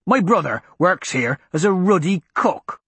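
A man's voice: high voice, expressive, fairly bright tone, slightly rough, dry recording, voice pushed up, heavily acted. A man playing a seething, bitter commoner. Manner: slow, seething, emphatic. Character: angry working-class man, proud and bitter.

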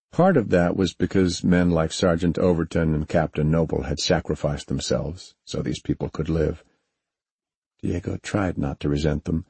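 Deep husky male audiobook narrator. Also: warm tone, dry recording. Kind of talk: scripted narration.

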